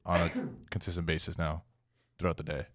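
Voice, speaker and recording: A man's voice: sits low, little pitch movement, brisk, noisy background. A young man co-hosting a casual podcast, easygoing and a bit rambling. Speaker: podcast co-host. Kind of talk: casual chat.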